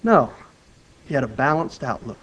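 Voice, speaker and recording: Earnest preacher man, fairly high voice. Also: expressive, moderate pace, rough recording. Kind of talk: sermon with Bible reading.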